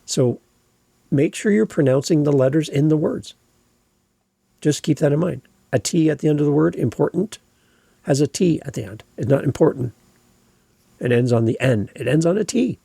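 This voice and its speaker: A man hosting a podcast, giving earnest, encouraging coaching on clear speech and stressing the ends of words. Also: fairly high pitch, lively intonation, normal speed, dark tone, no echo. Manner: earnest, encouraging, emphatic on word endings. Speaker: podcast host.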